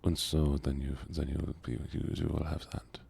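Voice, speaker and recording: A male streamer speaking in a put-on Southern accent, with a gravelly, chest-rumbling voice, talking slowly and softly to chat in an ASMR gaming stream. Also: flat delivery. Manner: slow, murmured, talks to chat while playing.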